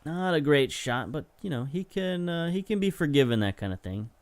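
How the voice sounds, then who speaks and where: At a moderate pace, a young gaming video host talks casually through football management game highlights. He calls the action play-by-play, gets worked up over chances, and amends what he's said as he goes.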